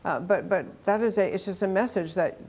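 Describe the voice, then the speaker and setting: A woman's voice: mid-range voice, brisk, darkish tone, slightly rough. Earnest woman talk show host. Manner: earnest and affirming, rambling commentary. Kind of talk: conversational interview.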